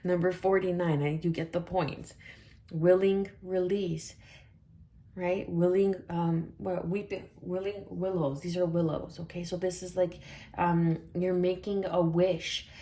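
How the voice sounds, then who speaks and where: A woman's voice: on the low side, little pitch movement, measured pace, warm tone. A woman giving a casual tarot reading to her viewers, chatty and reassuring, often correcting herself with fillers and little laughs. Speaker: tarot reader.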